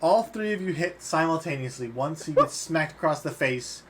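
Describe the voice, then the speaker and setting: Male game master, slightly high voice, plain descriptive narration, light background noise. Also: animated, normal speed. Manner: descriptive, matter-of-fact narration.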